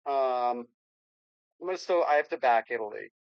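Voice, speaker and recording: A man co-hosting a casual podcast, laughing easily and talking in quick bursts. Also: medium pitch, lively intonation, gravelly, clear, resonant tone, no room sound, dull audio. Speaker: podcast co-host.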